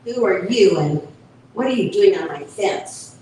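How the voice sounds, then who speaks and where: A woman's voice: medium pitch, expressive, unhurried, dark tone, a little hiss or hum, lightly acted. A woman reading a snappy territorial cat. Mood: indignant. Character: sharp-tongued territorial female cat. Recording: echoey event hall from far off.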